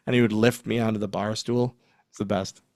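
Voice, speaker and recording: A man's voice: lowish voice, brisk, vocal fry, no room sound, clean studio sound. A man in his forties, a former wrestler, telling backstage stories in a casual interview, acting out quotes and laughing often. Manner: animated storyteller, acts out quotes, laughs often.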